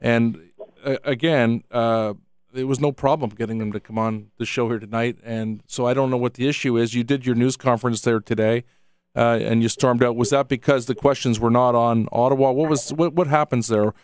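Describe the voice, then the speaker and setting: A man's voice: mid-range voice, fairly even intonation, moderate pace, darkish tone, clean tone, dry recording. A man hosting a radio interview, asking meandering, hesitant questions full of fillers. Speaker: radio host. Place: radio studio. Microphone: studio microphone.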